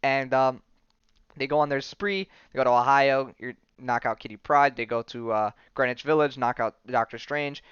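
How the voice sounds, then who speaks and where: A man hosts a podcast and recaps a comic storyline in a loose, rambling way, full of fillers and sudden little character voices. His voice is smooth and clear at a middle pitch. The sound is dry and close, through a slightly dull, lo-fi mic. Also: normal speed, a bit bright, dry recording. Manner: rambling storytelling with many fillers, briefly acting out characters' lines. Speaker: podcast host. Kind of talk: casual comic book recap.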